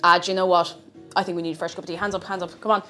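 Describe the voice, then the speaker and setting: A woman's voice: on the low side, level tone, rapid-fire, pushed and bright, soft background music. An Irish woman streaming casually while she cooks, chatty and a bit scatterbrained, humming little tunes between thoughts. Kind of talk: casual live-stream chat while cooking.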